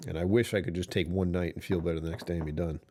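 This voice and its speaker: A man with a rumbly, somewhat low voice talks casually to his livestream audience. He sounds worn out and tired, yet keeps joking and laughing as he chats. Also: fairly even intonation, very fast, warm tone, slight background noise. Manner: chatty, joking, often laughing. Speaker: livestream host.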